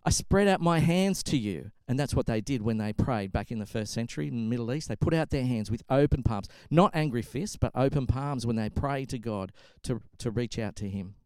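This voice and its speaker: A man's voice: mid-range voice, a little fast, hardly any pauses, a little mellow, smooth, dry recording. A man preaching a sermon, telling a story and pressing his point with emphatic repetition. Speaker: pastor.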